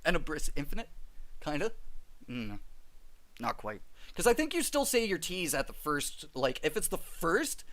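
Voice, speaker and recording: Lively streamer man chatting with viewers. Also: fairly high pitch, measured pace. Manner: animated, laughs often, chatty with viewers. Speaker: game streamer. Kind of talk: live gameplay stream, reading chat.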